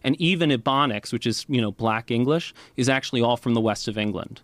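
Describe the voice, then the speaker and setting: A man talks through a long explanation in relaxed, casual conversation. He keeps adding little check-ins and fillers as he goes. The sound is dry and close, with no room echo. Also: mid-range voice, brisk. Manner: lively, frequent "right?" and "you know" fillers.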